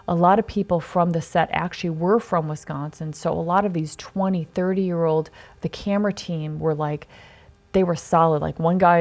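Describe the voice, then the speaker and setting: A woman hosting a podcast, telling a story casually in a chatty, animated way and acting out quoted dialogue. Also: fairly low pitch. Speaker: podcast host.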